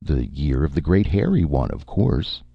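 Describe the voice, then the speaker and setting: A brisk, commanding young man pushing his plan along, played by a deep-voiced male narrator. The delivery is clipped and forceful, very low, with a husky grain, in a dull, dry audiobook recording. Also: very animated, no room sound, heavily acted. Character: brisk, scheming young man, later brutish.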